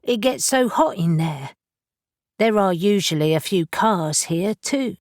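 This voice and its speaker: A woman's voice: mid-range voice, lively intonation, measured pace, a little mellow, dry recording, clean studio sound, natural voice. A woman narrator voicing a wary young woman who sounds uneasy and cautious.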